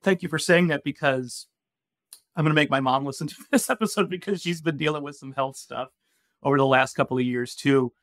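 A man's voice: on the high side, fairly quick, a bit bright, dry recording, clean studio sound. A man hosting a podcast, chatting in a friendly way with his guest and asking questions. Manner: friendly, chatty interviewer with restarts. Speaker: podcast host. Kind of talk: podcast interview.

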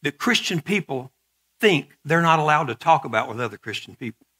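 A middle-aged male pastor delivers a sermon in a casual, conversational way. His voice sits a little high and sounds forceful yet breathy. He drops playful asides and often repeats his words as he goes. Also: lively intonation, fairly quick.

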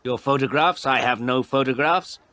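A man's voice: medium pitch, normal speed, pushed and bright, dry recording, voice pushed up, close to an everyday voice. A curt, unfriendly woman snaps her short lines from a doorway, voiced by a man reading a storybook. Her voice sits raised above the reader's own.

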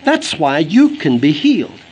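Man, evangelist preacher, husky voice, fairly high pitch, lively rising and falling delivery. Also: measured pace, low-quality recording. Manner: earnest, emphatic preaching that quotes scripture. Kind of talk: recorded sermon read for an audio book.

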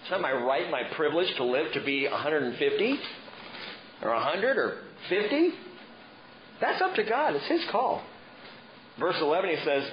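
A man preaching with a fairly high, very lively voice that swings up and down as he teaches. The sound is muffled, with steady background noise under him. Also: normal speed. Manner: animated, joking asides. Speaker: pastor. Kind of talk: expository sermon.

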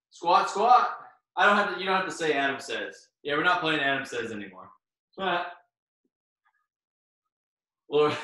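Winded, upbeat fitness instructor, echoey room. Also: male voice, on the high side, sharp tone. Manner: upbeat, cheering on participants by name while exercising. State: out of breath. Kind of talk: live online workout class coaching. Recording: very echoey room, far from the mic.

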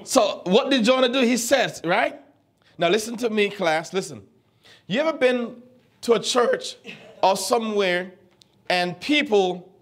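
A young preacher in his twenties with a high-pitched voice gives an animated Bible lesson. He teases his listeners and throws questions out to them as he teaches. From U.S. Virgin Islands. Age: 20s. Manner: animated, teasing, asks the congregation questions.

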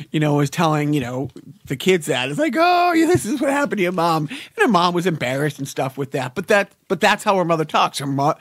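A middle-aged man co-hosting a podcast, telling family stories in a rambling way. His voice sits a bit high, and he stammers and repeats words as he goes. The sound is close and dry. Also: a bit bright, no echo. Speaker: podcast co-host. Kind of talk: casual chat.

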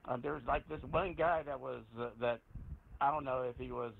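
A hesitant man on a ham radio check-in gropes for words and keeps restarting. His voice is gravelly with lots of fry, and it arrives through a thin, phone-like radio channel. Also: medium pitch, steady tone, brisk, a little hiss or hum. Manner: hesitant, many fillers and restarts. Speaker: amateur radio net participant. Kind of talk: casual on-air discussion. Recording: narrow amateur radio transmission.

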